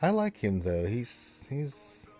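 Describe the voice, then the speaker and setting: A man's voice: mid-range voice, huge pitch swings, slow, dark tone, faint music behind. A man narrating as game master of a tabletop game in a loose, conversational way with fillers.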